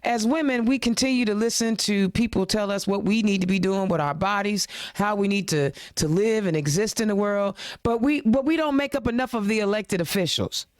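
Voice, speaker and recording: In a medium-pitched voice, she talks briskly with few pauses, and the studio recording is dry and clean. This host from Indiana rants forcefully about politics using rhetorical questions and slang, a little choked up, before reading ads and introducing guests.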